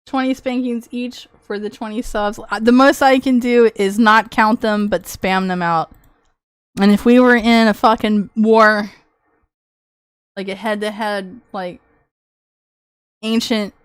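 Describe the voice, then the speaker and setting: A woman livestreamer in casual chat with her viewers, excitable, swearing freely and laughing often. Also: medium pitch, takes it slowly, pauses often, smooth, dry recording, clean studio sound.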